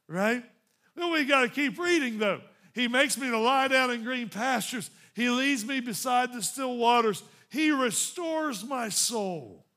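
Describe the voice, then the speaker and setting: A man preaching a sermon as pastor, building into emphatic runs and dropping into softer asides to the congregation. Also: very high-pitched, lively intonation, unhurried.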